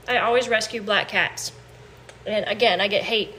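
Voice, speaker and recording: A woman's voice: mid-range voice, moderate pace, sharp tone, a little hiss or hum. A woman chatting casually on a livestream from her home kitchen, talking to viewers. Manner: chatty, coos baby talk to her cat. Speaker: livestream host.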